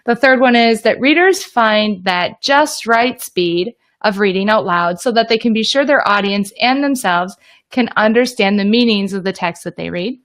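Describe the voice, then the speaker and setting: A woman gives an upbeat teaching talk, speaking straight to fellow teachers. Her delivery is clear and explanatory, and her voice sits at an ordinary pitch. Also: moderate pace, a bit bright. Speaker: teacher trainer. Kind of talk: teaching talk on reading fluency.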